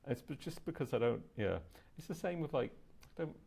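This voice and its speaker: A man's voice: medium pitch, animated, brisk, gravelly, darkish tone, husky. A man co-hosting a podcast in casual chat, rambling and opinionated with a nerdy streak. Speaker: podcast co-host.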